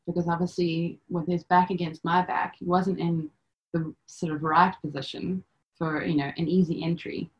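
A woman's voice: on the low side, level tone, normal speed, dull audio. A young woman telling her own story as a podcast guest, chatty, with many fillers and bits of quoted dialogue. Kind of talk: personal storytelling.

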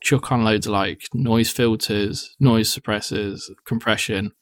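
A man's voice: on the low side, steady tone, measured pace, no echo, clean studio sound. A young man, co-hosting a casual podcast chat, talkative and swearing freely. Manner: chatty, swears casually, acts out quotes. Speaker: podcast co-host.

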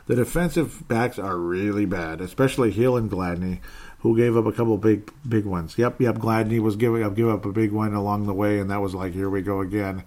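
A man's voice: on the low side, fairly even intonation, brisk, darkish tone. A man hosting a fan podcast, reading listener comments aloud in a casual, joking way and laughing often. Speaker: podcast host.

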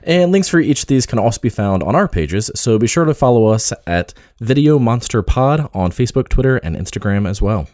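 A man co-hosting a podcast, chatting casually in an animated, rambling way. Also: medium pitch, a little fast, few pauses. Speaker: podcast co-host. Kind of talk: casual chat.

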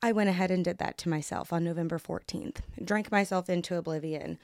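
A young woman from Kansas with an American accent tells her own story on her podcast. Her voice sits low and smooth, and the close mic leaves the sound completely dry. She talks candidly and bluntly, swears freely and acts out what others said. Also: steady tone, dry recording. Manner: brisk, acts out others' lines. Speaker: podcast host. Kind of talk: casual storytelling monologue.

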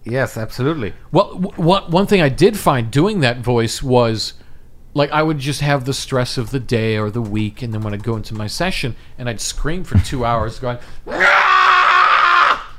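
A man's voice: animated, moderate pace. A man on a comedy podcast who keeps slipping into impressions and silly character voices mid-sentence, and often laughs. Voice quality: voice can drop low and smoky. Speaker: impressionist and voice actor guest. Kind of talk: casual podcast chat with impressions.

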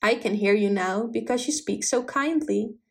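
A gentle, quiet boy from the woods in a storybook, who speaks softly and plainly, with an earnest calm, voiced by a woman reading aloud. Her voice sits a little high for a woman's. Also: normal speed, creaky.

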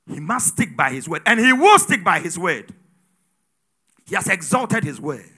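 A man preaching a sermon with call-and-response, swinging between loud exhortation and quiet asides. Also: high-pitched, big pitch swings, normal speed, slightly rough. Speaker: pastor.

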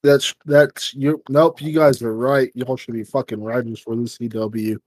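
A man's voice: mid-range voice, fairly even intonation, unhurried, a little mellow, no echo. A man co-hosting a casual podcast, laid-back, swearing freely and steering the chat. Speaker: podcast co-host.

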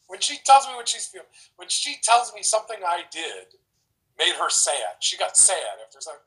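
A man with a slightly higher voice talks through relationship advice in a relaxed, explanatory way. He is animated and often slips into acting out short example dialogues to make his point. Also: moderate pace, low-quality recording. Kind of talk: casual explanatory talk.

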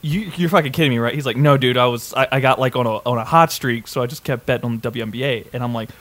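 A man's voice: mid-range voice, fairly even intonation, quick pace, fairly bright tone. Rambling, swearing podcast co-host, man. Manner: rambling, swears often, many restarts. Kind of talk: casual chat, storytelling.

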